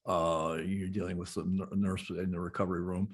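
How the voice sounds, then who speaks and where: A man's voice: sits low, flat delivery, brisk, breathy edge. A middle-aged man telling a long personal story in casual conversation, rambling with many restarts and fillers. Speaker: podcast host, guest being interviewed.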